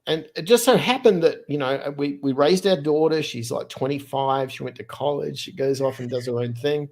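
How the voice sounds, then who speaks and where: A man in his fifties, originally from Australia, telling a personal story as a podcast guest in a lively, casual way, often restarting his phrases. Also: on the high side. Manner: animated, quick storyteller who restarts phrases.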